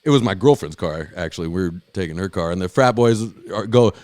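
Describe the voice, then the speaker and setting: This podcast host talks fast in a studio-quality recording with no echo. Recounting a wild story in casual, profane conversation, he animatedly impersonates the people involved, quoting them in a loud, high voice.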